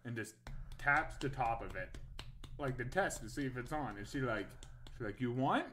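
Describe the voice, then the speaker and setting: A man's voice: mid-range voice, normal speed, bright, forceful tone, slight background noise. A young man and podcast co-host telling a crude story in casual chat, laughing often.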